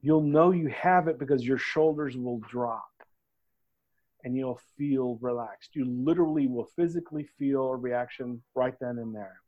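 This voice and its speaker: A man talks in an easy, casual way, coaching his listeners on handling stress. He tells stories and acts out the people he quotes, and his voice sits at an ordinary middle pitch. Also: normal speed, phone-quality sound. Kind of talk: casual podcast talk.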